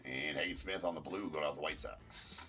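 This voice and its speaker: Deep-voiced man hosting a card break. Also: a little fast, creaky, bright, forceful tone, faint music behind. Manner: rattles off cards, banters with chat. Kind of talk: live-stream card break commentary.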